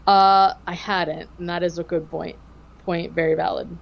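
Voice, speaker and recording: A woman's voice: lowish voice, little pitch movement, normal speed, gravelly, lo-fi sound. A woman hosting a podcast, recapping a ghost-hunting show in a sarcastic, mocking way. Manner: sarcastic, mocking voices of the show's hosts. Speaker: podcast host.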